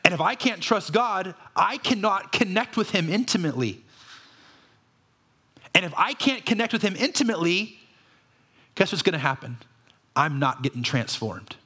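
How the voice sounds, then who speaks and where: A man with a fairly high voice delivers a sermon as pastor of his church. He talks in a lively, conversational way and asks his listeners one rhetorical question after another. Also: normal speed, pauses often, breathy edge.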